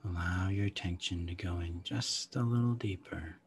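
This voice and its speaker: A man guiding a slow, calm meditation, soft-spoken with long pauses and some lines half whispered. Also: deep voice, a little hiss or hum. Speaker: meditation guide. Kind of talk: guided meditation.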